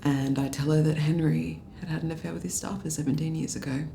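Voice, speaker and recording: Low, fairly flat in intonation, fast, and creaky, this actress's voice is recorded with a roomy sound and background noise. Delivering film drama dialogue, she plays a drunk Australian political media adviser, rambling through a story with bitter sarcasm.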